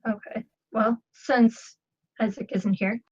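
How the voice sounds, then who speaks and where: A woman playing a tabletop game over voice chat, with deadpan, offhand sarcasm. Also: on the high side, slow pace, slightly rough, muffled recording. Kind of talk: casual in-character play over voice chat.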